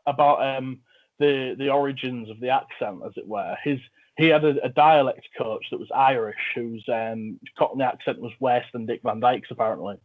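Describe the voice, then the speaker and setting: Male podcast host, jokey and eager, mid pitch, narrow phone-like audio. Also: moderate pace. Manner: enthusiastic, jokey. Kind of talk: casual film chat.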